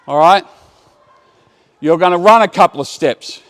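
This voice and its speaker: A man running a basketball coaching clinic, giving brisk commands to players and explaining drills to the watching coaches. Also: high voice, fairly bright tone. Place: indoor basketball court.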